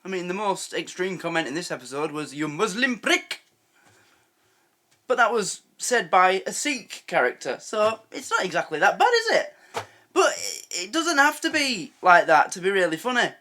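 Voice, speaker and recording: A man's voice: high voice, big pitch swings, normal speed, pushed and bright. A man giving casual, chatty reaction commentary on a sitcom, laughing often and restarting his sentences. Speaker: reaction video host.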